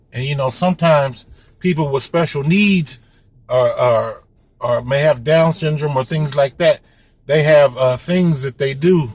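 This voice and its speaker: A young man who drives for a rideshare service recounts a story to the camera, relaxed and lively, and he mimics squeaky noises as he tells it.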